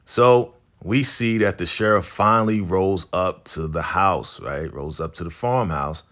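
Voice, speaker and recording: A man hosting a TV episode recap, retelling the story casually with slang and lively asides. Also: low voice, unhurried. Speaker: TV recap channel host.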